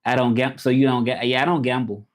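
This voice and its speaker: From his home in Mexico, a livestream host keeps things casual, reading chat comments aloud, rambling, and restarting as he goes. His mid-range voice has fairly even intonation and a quick pace.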